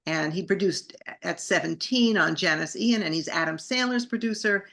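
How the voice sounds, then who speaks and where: Give me a middle-aged woman guest, a singer, talking warmly and effusively with a lower voice. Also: normal speed. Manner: enthusiastic, effusive and grateful. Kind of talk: conversational interview storytelling.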